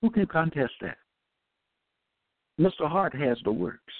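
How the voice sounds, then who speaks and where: A man giving a halting religious teaching, full of fillers and restarts, who slows down and stresses each word when he quotes scripture. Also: on the high side, animated, no echo. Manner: emphatic, drawn-out scripture quoting. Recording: tinny phone-line audio, dry.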